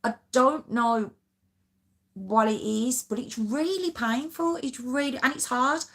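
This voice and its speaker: A woman's voice: sits high, unhurried, a bit bright. A woman hosting a live stream, chatting casually with viewers in a giggly, self-mocking, rambling way. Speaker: true crime live-stream host.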